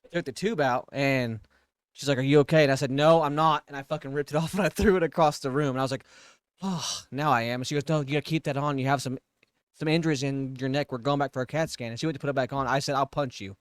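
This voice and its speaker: A man's voice: mid-range voice, steady tone, quick pace, clean tone, dry recording, clean studio sound. A man casually recounting a hospital stay on a podcast, blunt and profane. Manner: blunt, profane, laughs along. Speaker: podcast co-host. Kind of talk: casual chat.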